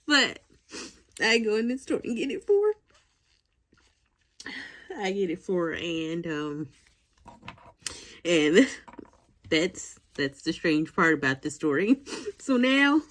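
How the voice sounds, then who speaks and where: A woman's voice: on the low side, very animated, slow, pauses often, fairly bright tone. A woman in her forties telling a casual, rambling story to her vlog audience, full of fillers and asides. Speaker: vlogger.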